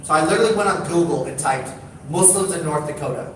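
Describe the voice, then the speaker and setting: A male speaker at a live talk tells a comic story with animated, rising energy. The sound is distant and very reverberant, as if heard from the back of a large hall. A steady background hiss sits under his voice. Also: fast talker. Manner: animated, building to excited high-pitched bursts. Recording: echoey hall, distant mic, noisy.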